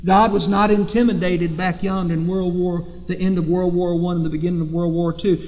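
Male preacher, high-pitched, emphatic, rhetorical; reverberant sanctuary. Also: level tone, brisk, darkish tone. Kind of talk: sermon. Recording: long reverb in a hall.

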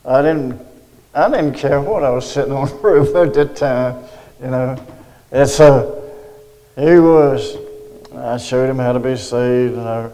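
An older man, telling a personal story of faith in a rambling, halting way with many restarts. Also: mid-range voice, mellow, long reverb tail, rough recording. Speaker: storyteller recounting a personal witness. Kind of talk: casual spoken testimony.

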